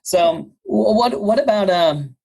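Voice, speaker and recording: Jovial husky-voiced male podcast host. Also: high voice, animated, takes it slowly, a little mellow. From United States. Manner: jovial, laughs often, stumbles over words. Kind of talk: casual interview.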